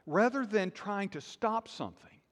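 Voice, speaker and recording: High-pitched guy preaching, pushes hard then goes quiet, asks the room stuff, echoey church. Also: lively intonation, moderate pace. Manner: emphatic preaching, drops to quiet intensity, asks congregation questions. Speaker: pastor. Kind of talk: sermon.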